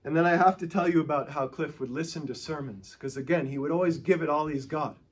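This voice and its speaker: A man's voice: fairly high pitch, fast talker, husky. A male pastor preaching a sermon, telling stories with emphatic, rising and falling delivery.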